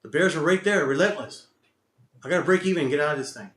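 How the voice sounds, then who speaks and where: A Texan-accented man talks through his trades live and curses himself over his mistakes, swinging from loud outbursts to low grumbling. His voice is fairly high and sharp-edged. The room around him gives it a noticeable echo. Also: fast talker. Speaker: day trader streaming live. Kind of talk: live trading commentary to himself. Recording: echoey room sound.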